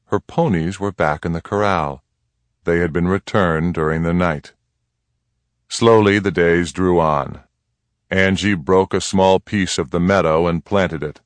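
Deep, slow-reading male narrator. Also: no echo. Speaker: audiobook narrator. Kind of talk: scripted narration of a western story.

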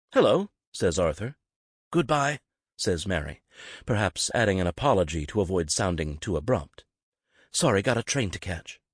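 A man narrating a scripted lesson on greetings, acting out the example phrases with lively, rising delivery. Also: no room sound, clean studio sound. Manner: measured, acts out greetings with lively rising pitch. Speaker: lecturer on language.

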